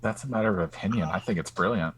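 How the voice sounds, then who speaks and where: A man playing a tabletop role-playing game, dry and relaxed, joking. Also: low-pitched, fast, husky. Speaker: player. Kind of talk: casual tabletop game play.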